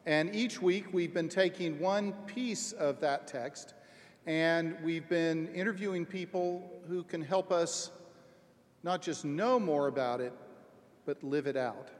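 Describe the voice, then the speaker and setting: Male pastor, sermon, slightly high voice, measured storytelling pace, long church reverb. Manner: measured, storytelling delivery with slow deliberate phrasing.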